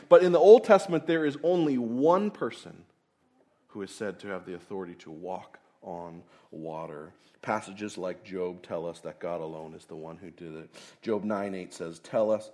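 Man preaching with hushed intensity. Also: medium pitch. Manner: conversational, swings between loud emphasis and hushed intensity. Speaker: pastor. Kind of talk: sermon.

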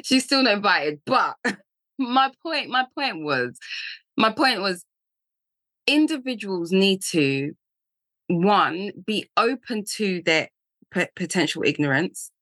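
A woman co-hosting a podcast, talking in a thoughtful, animated, casual way. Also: mid-range voice, slow pace, no echo. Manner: thoughtful, animated, laughs easily. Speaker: podcast co-host. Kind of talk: casual chat.

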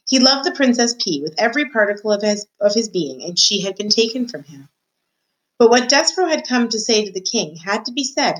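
A woman's voice: mid-range voice, a bit bright, low-quality recording. A woman, a student, reads a children's novel aloud carefully, now and then stumbling over a word. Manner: careful reading with occasional stumbles. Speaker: student reader.

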